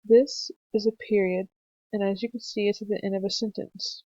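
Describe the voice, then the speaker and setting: A young woman narrating a screencast punctuation lesson for children, explaining slowly and patiently with some fillers. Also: mid-range voice, level tone, mellow, husky, no room sound. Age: young adult. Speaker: student teacher presenting a lesson. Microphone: computer mic for a screencast. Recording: dry, slightly dull home mic recording.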